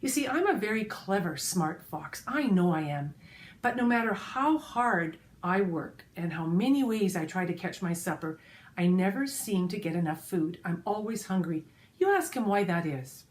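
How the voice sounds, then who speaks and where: Lady putting on a slick hungry fox from a kids' story, smooth and sly, bragging about how clever he is. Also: fairly low pitch, animated, moderate pace, slight background noise, close to an everyday voice.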